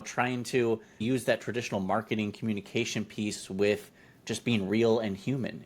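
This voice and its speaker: A man's voice: lowish voice, fairly even intonation, normal speed. A man hosting a podcast interview, affirming his guest and asking questions in a friendly way. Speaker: podcast host. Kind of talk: conversational interview.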